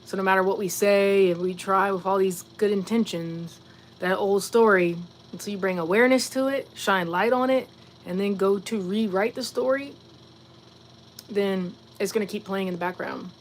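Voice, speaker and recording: Talking straight to her chat, this Virginia livestream host reflects aloud and responds to viewer comments, dropping quick asides and fillers. She has a mid-range voice, with a bit of background noise present.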